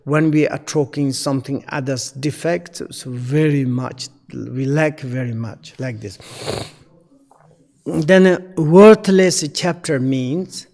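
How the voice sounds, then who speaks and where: A man giving a Dharma teaching in halting, non-native English. He pauses often with fillers while searching for words. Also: on the high side, a little mellow, long reverb tail. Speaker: Buddhist teacher.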